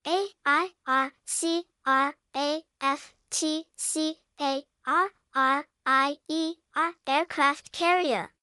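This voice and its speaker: A woman narrating a scripted vocabulary lesson for young children, spelling words out slowly and adding playful sound words. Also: sits high, no room sound, studio quality. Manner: slow, even spelling-out with cheerful sound words. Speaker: vocabulary teacher.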